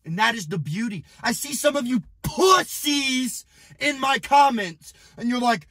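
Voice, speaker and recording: A young man coaching in an aggressive, profane motivational rant, often shouting at the viewer. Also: very high-pitched, animated, unhurried, creaky, slightly rough, no room sound. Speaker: business and fitness coach.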